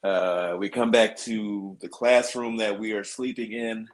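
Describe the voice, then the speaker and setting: A man's voice: on the low side, steady tone, a little slow. Profane man telling a war story. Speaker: podcast host. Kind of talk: casual storytelling chat.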